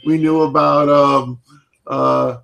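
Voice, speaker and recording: A man in his thirties chatting casually as a podcast host, rambling and filling pauses with "like" and "you know". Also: on the high side, little pitch movement, creaky, a bit bright. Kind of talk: casual chat.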